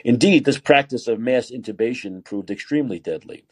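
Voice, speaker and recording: A man's voice: medium pitch, brisk, slightly rough. A man hosting a political talk show, giving angry, profane opinion commentary and reading from articles. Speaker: podcast host.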